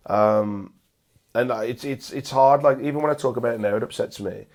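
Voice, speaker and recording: Gravelly-voiced English man, halting. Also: medium pitch, a little mellow. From England. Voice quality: hesitant, repeats words, many fillers. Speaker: podcast guest. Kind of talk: emotional casual conversation.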